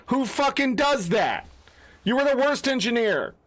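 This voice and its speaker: A man's voice: very high-pitched, lively intonation, measured pace, fairly bright tone. A man who streams games, ranting in an unscripted, heated, profane way. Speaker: gaming streamer. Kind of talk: unscripted rant.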